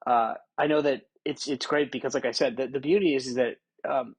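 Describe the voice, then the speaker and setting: A middle-aged man hosting a casual podcast interview, animated, laughing often and restarting his sentences. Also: mid-range voice, brisk, slightly rough, no room sound. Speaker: podcast host. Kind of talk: casual interview with rapid-fire questions.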